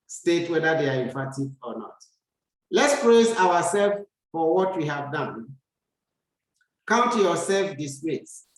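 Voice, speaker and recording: Male grammar teacher, unhurried and repetitive, raised pitch, strong room echo. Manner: slow, deliberate, repeats sentences for learners. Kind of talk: slow grammar lesson. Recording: echoey room.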